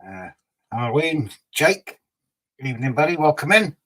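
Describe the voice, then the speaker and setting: A man's voice: a little high, sing-song, a little slow, a bit bright, poor audio. A man hosting a casual livestream, reading out viewer comments and teasing them in a chatty way. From Scotland. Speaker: livestream host.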